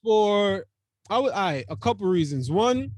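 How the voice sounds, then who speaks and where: Man, podcast host, high voice, profane slang, laughing, dry close sound. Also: expressive, measured pace, darkish tone, dry recording. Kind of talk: casual podcast chat.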